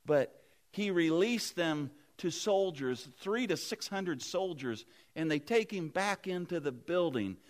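A man's voice: on the high side, animated, a little slow. A man preaching a sermon, retelling a Bible story earnestly and vividly with restarts.

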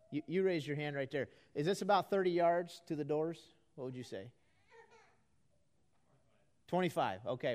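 A man preaching a folksy, conversational sermon to a live congregation in an auditorium, building to earnest emphasis. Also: on the high side.

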